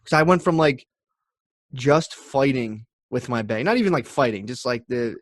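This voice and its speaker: A man, a comedian hosting a podcast, telling a profane, animated story in casual chat and acting out the people in it. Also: medium pitch, moderate pace, no room sound, clean studio sound.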